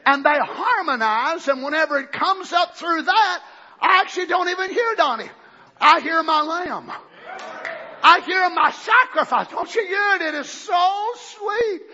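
A preacher puts on the voice of God, a loving heavenly father who drops to a hushed, tender murmur. The tone stays bright and high-set. It comes through a dull, lo-fi sermon recording. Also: animated, measured pace, exaggerated voice.

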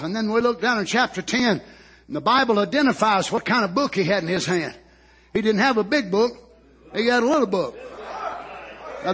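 A man preaching a sermon who moves from slow, hushed storytelling to fervent shouting, repeating words and calling out hallelujah. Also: very high-pitched, breathy edge.

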